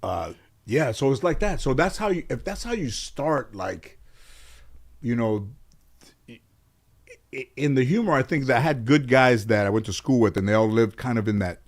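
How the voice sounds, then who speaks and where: A man's voice: medium pitch, animated, moderate pace, long pauses. A middle-aged man from the Los Angeles area telling childhood stories in a casual interview, acting out his relatives' voices and swearing freely. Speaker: interview guest, comedian.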